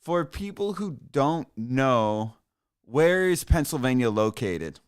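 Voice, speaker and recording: A man's voice: medium pitch, sing-song, slow pace, smooth, no room sound, studio quality. A man hosting a casual live broadcast, teasing a caller with sarcastic, mock-outraged banter. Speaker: streamer host.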